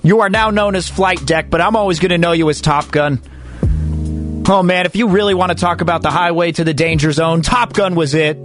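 A man's voice: a little high, a little fast, over music. A man hosting a sports radio show, talking in a comic, mock-dramatic way. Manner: animated, mock-dramatic, comic slam-poetry delivery.

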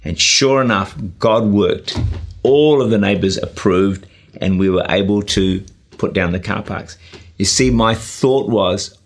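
A man preaches a sermon, urging his listeners on in an earnest, exhorting way. His voice is gravelly and husky, with many small "uh" and "you know" fillers. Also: fairly low pitch, measured pace. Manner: earnest, exhorting, with frequent 'uh' and 'you know'. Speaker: pastor and radio preacher. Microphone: camera-recorded sermon.

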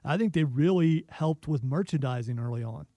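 Male co-host, somewhat high but mellow voice, relaxed storyteller, dry close sound. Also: moderate pace, no room sound. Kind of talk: casual wrestling podcast chat.

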